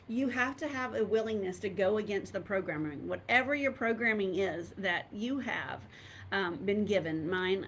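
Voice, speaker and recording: A middle-aged woman, a doctor and coach, chats casually with an online group from home during a live talk. Her voice is fairly low, and the laptop microphone adds a little hiss or hum. She's candid and rambling, with plenty of fillers and restarts.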